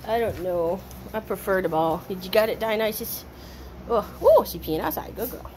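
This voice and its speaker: A dog breeder films her puppies in an indoor pen, cheering and praising them in playful sing-song baby talk. Her medium-pitched, slightly mellow voice swings widely in pitch at a normal speed, and the room is noisy with puppies.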